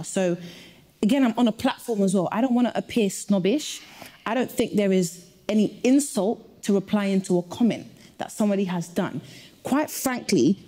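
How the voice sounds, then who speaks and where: A woman's voice: medium pitch, warm tone. A woman guest in a couple's argument, defending herself firmly and arguing her case point by point. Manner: firm, defensive, argues point by point. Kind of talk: casual debate.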